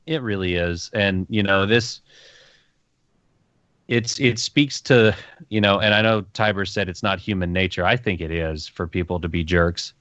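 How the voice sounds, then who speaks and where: A man's voice: sits low, normal speed, a bit bright, no echo. A man co-hosting a gaming podcast in casual chat, earnest and rambling, often repeating his phrases. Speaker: podcast co-host. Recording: dull lo-fi mic.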